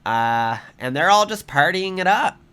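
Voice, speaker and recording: Heated, sharp-voiced man ranting. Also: sits high, expressive, a little slow, smooth. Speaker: commentary vlogger. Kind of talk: angry reaction commentary.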